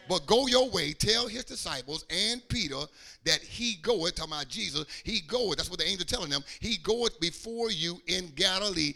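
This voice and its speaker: A man preaching, his high, gravelly voice ringing bright and sharp. He swings his pitch widely and climbs into fervent shouts, acting out the quoted speakers as he goes. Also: animated, moderate pace. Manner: preaching with call-and-response rhythm and acted-out quotes, rising to shouts. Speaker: pastor. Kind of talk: sermon.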